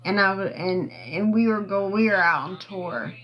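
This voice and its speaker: A woman's voice: mid-range voice, lively intonation, moderate pace, highs cut off, faint music behind. A woman chatting casually on a livestream, rambling through a personal story and asking viewers for gifts. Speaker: TikTok live streamer.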